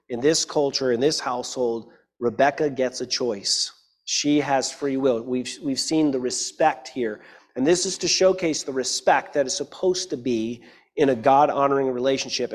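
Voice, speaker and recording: A man's voice: mid-range voice, big-room sound. A man preaching a sermon, reading scripture aloud and then explaining it, often checking in with the listeners. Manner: reads scripture then explains it, with frequent "right?" asides.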